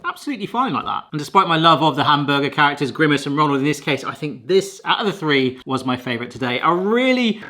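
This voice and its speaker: Man, cooking vlog, casual and jokey, self-mocking, slightly high-pitched. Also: pushed and bright. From England. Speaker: food YouTuber testing a vintage toy.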